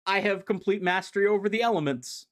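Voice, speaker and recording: A man's voice: sits high, fast, a bit bright, voice pushed up. A man voicing a smug, boastful male sorcerer from a comic in a raised, theatrical voice.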